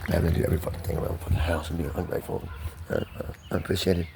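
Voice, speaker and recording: A low-pitched American man with big pitch swings and vocal fry talks to the camera against background noise. The monologue rambles, comes out rapid and pressured, and is laced with constant profanity.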